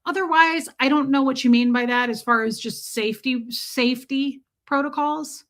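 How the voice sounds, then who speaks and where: A woman's voice: sits high, normal speed, a bit bright. A woman hosting a casual livestream, chatty and joking, with sarcastic asides and lots of "like". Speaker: livestream host. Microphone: streaming microphone.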